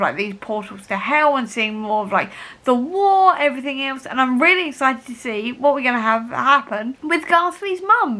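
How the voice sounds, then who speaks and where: A young woman vlogging at home about a book she is reading, talking in an excitable, rambling way with many fillers, into a camera mic. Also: high-pitched. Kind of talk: casual reading vlog.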